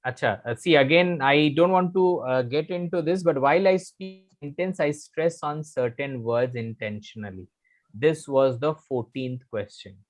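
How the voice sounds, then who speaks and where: A man's voice: a little high, normal speed. A middle-aged man with an Indian English accent, teaching a live online communication class and repeating his key phrases, slipping into Hindi at times. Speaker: communication trainer.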